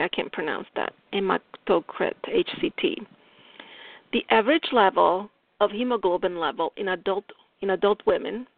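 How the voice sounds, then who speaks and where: A woman's voice: mid-range voice, creaky, no echo. A woman with an Italian accent, reading technical health notes aloud in an informal explanatory talk with fillers and restarts. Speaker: caregiver and health blogger. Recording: dry tinny phone-like audio.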